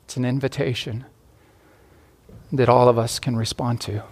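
A male pastor closing a sermon with a gentle, inviting call and a prayer, often restarting his phrases. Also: mid-range voice, little pitch movement, moderate pace.

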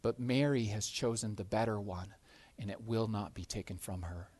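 A calm Jesus speaks low and hushed, with slow and tender words, voiced by a man in a sermon. The voice sinks well below the man's own and stays quiet and gentle. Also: lightly acted.

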